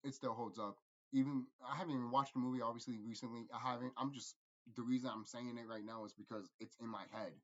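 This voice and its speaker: A man rambling through a casual movie review, profane and animated, laughing often. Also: medium pitch, quick pace, lo-fi sound.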